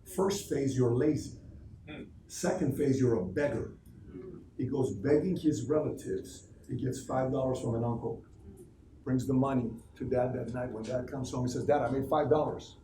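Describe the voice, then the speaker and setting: A man's voice: mid-range voice, normal speed, warm tone, a little hiss or hum. A man, a CEO, telling a motivational story to his staff in punchy, emphatic short sentences. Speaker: CEO giving a talk to staff. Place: office room. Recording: echoey room, distant mic, faint ambience.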